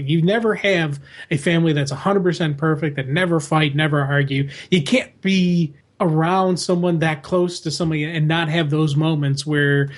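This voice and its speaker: A man co-hosting a podcast in casual chat, rambling with frequent restarts. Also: fairly high pitch. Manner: rambling, many restarts and fillers. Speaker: podcast co-host.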